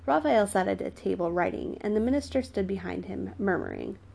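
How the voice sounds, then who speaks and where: A woman narrating a novel in an even storytelling manner. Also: medium pitch, fairly quick, creaky. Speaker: audiobook narrator. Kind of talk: scripted narration.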